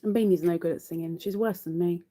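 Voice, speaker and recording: A woman's voice: lowish voice, fairly even intonation, fast, dark tone. A woman hosting a live crochet stream, chatting casually to viewers while she counts her stitches.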